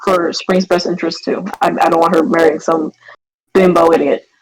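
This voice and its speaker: A woman playing a tabletop game, speaking eagerly in character with quick reactions. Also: on the low side, level tone, a little hiss or hum, rough recording. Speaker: player. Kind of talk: casual tabletop role-play.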